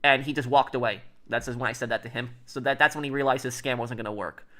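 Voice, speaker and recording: A man talks quickly and casually to his live stream viewers, his voice sitting at an ordinary middle pitch. He rambles, with frequent fillers and restarted sentences. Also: steady tone, pushed and bright. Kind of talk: casual livestream chat.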